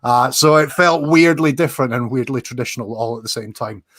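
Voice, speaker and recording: A man in his thirties from Scotland talks in a relaxed, chatty way as a co-host. He tells his stories loosely and laughs along with them. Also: mid-range voice, fairly quick, no room sound, clean studio sound. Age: 30s. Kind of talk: casual chat.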